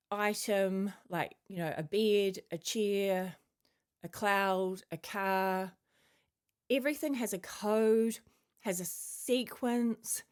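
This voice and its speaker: A woman's voice: medium pitch, a little mellow. A woman giving a casual, rambling spiritual talk as a channeler, full of fillers and musing asides, chewing a mint while she speaks. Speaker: channeler sharing spiritual messages.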